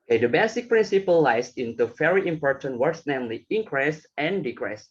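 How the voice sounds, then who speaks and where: A man's voice: on the high side, expressive, fairly quick, slightly rough, dull audio. A young man giving a class presentation, reading from slides with some hesitant fillers. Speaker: student presenter.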